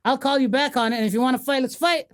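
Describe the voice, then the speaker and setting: A woman's voice: high-pitched, steady tone, rapid-fire. A woman raised in the Gulf, co-hosting a casual podcast chat as a comedian, rambling with many restarts and fillers. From United Arab Emirates.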